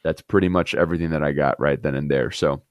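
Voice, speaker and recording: A man's voice: a bass voice, fast, no room sound, clean studio sound. A man from Miami, an actor guest, telling anecdotes in a casual interview and acting out the dialogue. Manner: animated anecdotes, acts out dialogue.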